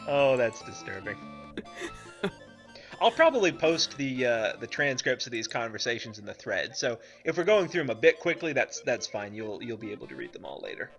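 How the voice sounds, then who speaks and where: A man's voice: mid-range voice, sing-song, moderate pace, faint music behind. A man co-hosting a let's play, chatting wryly and explaining the game with frequent fillers and restarts. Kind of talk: casual gameplay commentary.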